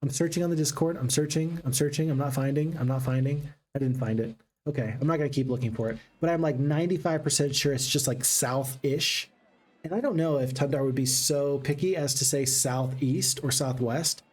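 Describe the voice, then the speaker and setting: A man streaming a strategy game, chatting excitedly to his viewers. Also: mid-range voice, a little fast. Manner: excitable, chatty, talks to chat. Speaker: gaming streamer. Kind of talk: live game commentary.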